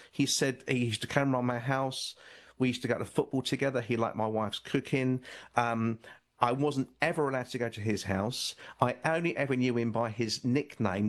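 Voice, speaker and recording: A man, an author guest on a radio talk show, telling stories in a rambling way with frequent restarts. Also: mid-range voice. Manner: rambling, repeats and restarts often. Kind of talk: radio interview storytelling.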